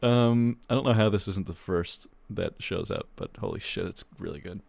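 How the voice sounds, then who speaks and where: A man's voice: deep voice, lively intonation, moderate pace, creaky, darkish tone. A young man co-hosting a podcast, reading a long joke aloud in casual chat, laughing as he goes and swearing casually. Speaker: podcast co-host.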